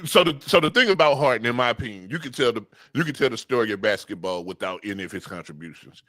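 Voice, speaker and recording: A man co-hosting a sports podcast in loose, casual chat, tossing out dry wisecracks. His voice is bright and forward, recorded dry and close. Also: mid-range voice, animated, fast talker, dry recording. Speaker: podcast co-host.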